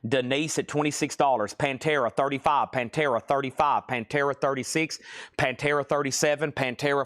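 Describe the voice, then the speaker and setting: A man hosting a live-stream vinyl sale, calling bids in quick auctioneer patter and cracking jokes between items. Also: mid-range voice, fairly bright tone. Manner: rapid auctioneer chanting, joking asides. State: sweaty and restless, pacing.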